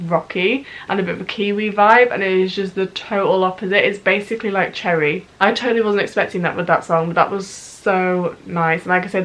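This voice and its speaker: A woman's voice: mid-range voice, a bit bright, rough recording. A young woman reacting to an album at home late at night, gushing and giggly, saying "literally" constantly. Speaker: music reaction vlogger. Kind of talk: casual first-listen album reaction.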